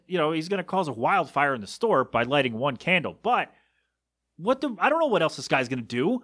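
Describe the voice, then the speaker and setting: A man's voice: fairly high pitch, sing-song, brisk, fairly bright tone, dry recording, studio quality. Exasperated man ranting on a podcast. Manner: exasperated, incredulous ranting with rhetorical questions. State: coughing a bit. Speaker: podcast host. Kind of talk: solo podcast rambling.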